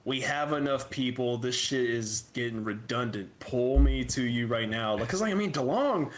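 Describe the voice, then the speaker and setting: A young man trades war-zone stories with his co-host, swearing freely and getting animated. His voice sits right in the middle of the range. It is loose, casual podcast banter. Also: medium pitch, normal speed, slight background noise. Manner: profane, animated storytelling. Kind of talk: casual chat.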